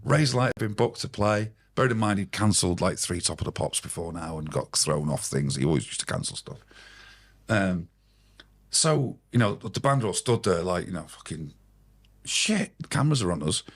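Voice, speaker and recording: Deep gravelly man telling stories. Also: moderate pace. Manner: swearing, rambling, animated anecdotes. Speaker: podcast guest. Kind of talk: casual storytelling anecdote.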